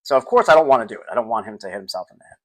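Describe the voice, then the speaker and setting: Animated man telling family stories. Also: lowish voice, very fast. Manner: animated, acts out scenes, sings snippets. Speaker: podcast host. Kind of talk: casual solo podcast storytelling.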